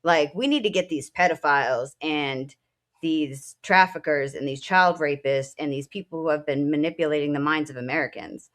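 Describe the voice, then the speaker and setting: A woman's voice: low voice, fairly bright tone. Blunt, impassioned woman co-host. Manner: impassioned, blunt and profane, halting with fillers. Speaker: military veteran. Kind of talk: casual political commentary.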